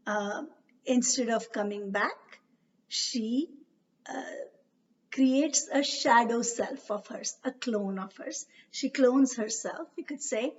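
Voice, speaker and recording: A woman narrating a myth as a storyteller, unhurried and with frequent hesitations. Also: on the high side. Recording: dull, distant recording.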